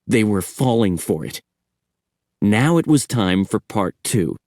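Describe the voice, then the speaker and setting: A man narrating a horror audiobook in a measured storytelling manner. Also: on the low side, sing-song, a little mellow, no room sound, clean studio sound.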